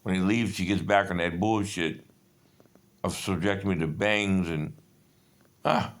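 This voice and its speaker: A deep, steady voice moving a little slowly comes from a man in his fifties. He rambles agitatedly about his life, swearing and drifting between stories.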